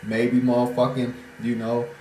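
A man's voice: medium pitch, monotone, measured pace, mellow, a little hiss or hum. A man hosting a podcast, talking in a loose, rambling monologue full of swearing. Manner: profane, loose and conversational. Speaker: podcast host. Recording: roomy echo.

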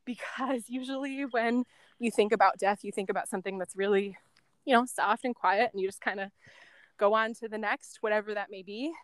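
Speaking fairly quickly at medium pitch, this interview guest used to work as an end-of-life caregiver. Her story comes out casually, peppered with "like," "um," and little laughs, and the recording has no echo.

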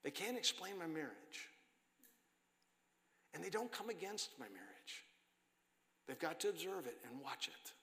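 A middle-aged man preaching a sermon with passion, swinging from loud emphasis down to hushed, whispered lines. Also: fairly high pitch, big pitch swings, unhurried, pauses often. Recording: long hall reverb with faint music.

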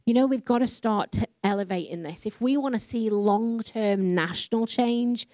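A woman's voice: a little high, normal speed, a little mellow, no echo. A woman from England with a Yorkshire accent, giving a sermon-style testimony to a congregation and telling her story in an earnest, self-deprecating way. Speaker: ministry leader speaking to a congregation.

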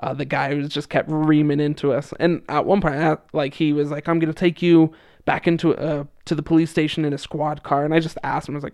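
A man's voice: a little high, flat delivery, brisk, gravelly, a little mellow, dry recording, clean studio sound. A young man casually telling a story as a podcast guest, chatty with lots of fillers and frequent laughs. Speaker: podcast guest, returned missionary.

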